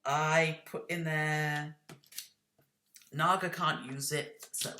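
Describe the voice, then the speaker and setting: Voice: mid-range voice, steady tone, takes it slowly, pushed and bright, roomy sound, a little hiss or hum. A video creator talking casually and rambling, correcting themselves and snapping defensively at imagined critics. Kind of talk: casual rambling explanation to camera.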